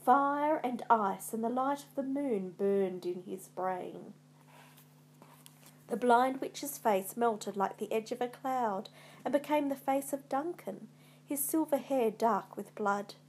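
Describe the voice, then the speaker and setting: A woman narrating a storybook in a dramatic, measured way. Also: a little high, slight background noise.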